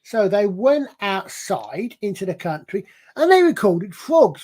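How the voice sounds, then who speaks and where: A man's voice: sits high, very animated, unhurried, hardly any pauses, a little mellow. A man in a casual panel chat, explaining things at length in a rambling, digressive way with many restarts. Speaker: panel guest.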